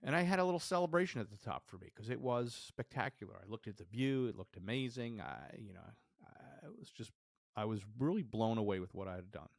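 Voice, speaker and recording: A man hosting a podcast, telling a personal story in a lively way and acting out the dialogue he remembers. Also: fairly low pitch, brisk, gravelly, no echo, studio quality. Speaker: podcast host.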